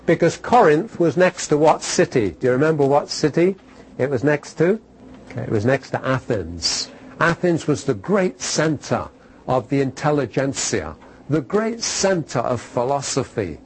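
In a low-quality recording, a male pastor delivers a conversational sermon to a congregation, full of rhetorical questions and stories. His voice is on the high side with a breathy edge, swinging widely in pitch at a measured pace.

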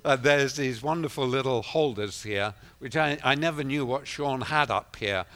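A man preaching a sermon in an emphatic way, swinging from loud declarations to hushed asides, winded at times. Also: medium pitch, moderate pace. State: out of breath.

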